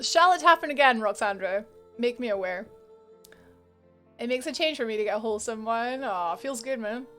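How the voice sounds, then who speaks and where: A woman's voice: fairly high pitch, expressive, moderate pace, a bit bright, soft background music. A woman with a Scottish accent, chatting casually with viewers on a live game stream, rambling and laughing often.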